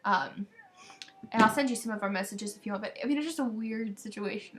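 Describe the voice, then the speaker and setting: A woman's voice: mid-range voice, a little fast. A teenage girl talking into a webcam in a casual, rambling video message to a friend, gossiping and venting. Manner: rambling, gossipy, quotes others in exasperated voices.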